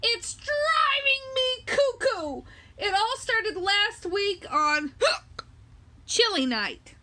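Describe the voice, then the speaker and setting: A woman's voice: very high voice, expressive, extremely slow, sharp tone, slight background noise, voice pushed up, heavily acted. A woman reading the part of a fretful little male penguin who gasps with hiccups between words, from a storybook.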